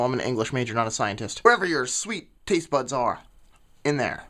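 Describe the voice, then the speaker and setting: A woman vlogger delivering an exasperated, sarcastic comedic rant to camera. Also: low voice. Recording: music clearly under the voice.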